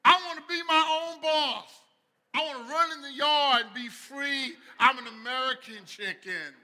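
A man preaching, voicing a stubborn runaway chicken that boasts and shouts about being free. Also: extremely high pitch, normal speed, big-room sound, pitched above the performer's own voice, full character voice. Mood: defiant. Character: defiant, freedom-loving runaway chicken.

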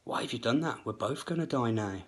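A man's voice: medium pitch, lively intonation, fairly quick, slightly rough. A man telling a fable as a wary frog.

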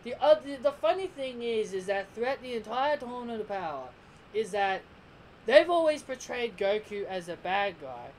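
A man's voice: high-pitched, big pitch swings, normal speed, slight background noise, rough recording. A man giving a casual spoken review of an anime episode, rambling, restarting his sentences and laughing often. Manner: rambling, frequent restarts and repeats.

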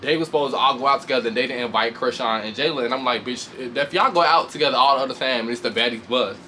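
A man casually recapping a reality show fight with lots of swearing, laughter, and sudden high mocking voices. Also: rapid-fire, slight background noise. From Chicago. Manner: animated, profane, laughs often, shifts into high mocking voices. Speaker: commentator reacting to a reality show. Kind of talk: casual chat.

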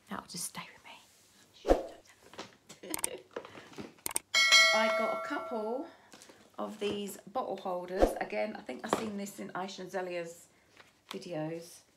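A chatty woman in her fifties walks through her shopping haul, rambling and restarting as she goes. Her voice has a gravelly edge, and clear background noise runs under the recording. Her pitch sits in a middle range for a woman. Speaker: vlogger showing a shopping haul. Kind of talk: casual haul chat.

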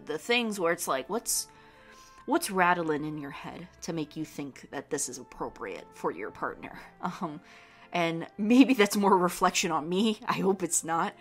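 Low-voiced woman rambling about a film. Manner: enthusiastic, rambling with many fillers and restarts. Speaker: podcast host. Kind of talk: casual rambling film talk.

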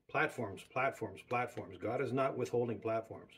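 Preaching a sermon, a man speaks conversationally in a slightly husky, breathy voice of ordinary pitch, circling back on key words repeatedly to drive his point home. He keeps a moderate pace with hardly any pauses.

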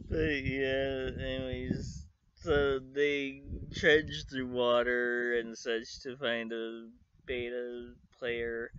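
Slow, rambling man on a dull mic. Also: medium pitch, noisy background. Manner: rambling, excitable, laughs often. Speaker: anime reviewer. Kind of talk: casual spoken review. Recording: dull lo-fi recording.

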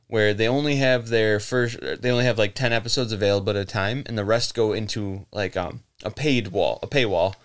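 An American man co-hosts a podcast in a fairly low, clean voice, talking fairly quickly with hardly any pauses. He rambles casually through a legend, swearing and laughing along the way.

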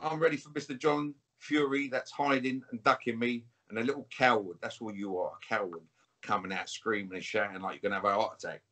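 A man's voice: on the low side, fairly even intonation, brisk, pushed and bright. A British man giving an interview over a video call, taunting and trash-talking a rival, saying "mate" again and again. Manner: taunting, repetitive, calls listener mate. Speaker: interview guest. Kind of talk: combative interview trash talk.

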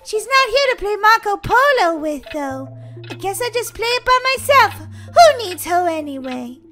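A woman voicing an excitable, dramatic girl in a Roblox roleplay story, talking in a theatrical way that swings between gloom and glee. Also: very high voice, moderate pace, music in the background. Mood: dramatic, lonely. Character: excitable, dramatic girl who misses her sister.

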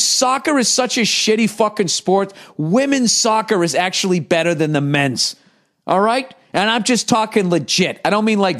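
A man hosting a podcast, delivering a profane, mocking comedic rant and laughing as he reads aloud. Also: high-pitched. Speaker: podcast host.

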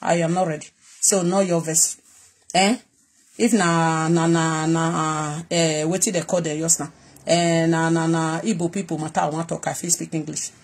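A woman's voice: deep voice, flat delivery, normal speed. A woman from Edo State with a Nigerian accent, ranting straight to camera and switching between Pidgin and her Edo dialect as she issues a defiant challenge. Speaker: vlogger. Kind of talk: direct-to-camera live video rant.

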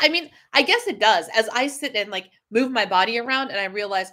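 A woman's voice: on the high side, a little fast, few pauses. A woman who is a wellness coach, chatting on a webcam livestream and reading out viewer comments. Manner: chatty and animated, laughs often.

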